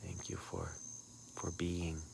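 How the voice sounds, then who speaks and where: A man giving a soft, intimate, heartfelt sign-off to his livestream, mixing in words. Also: deep voice, slow, creaky, background noise. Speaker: spiritual livestream host.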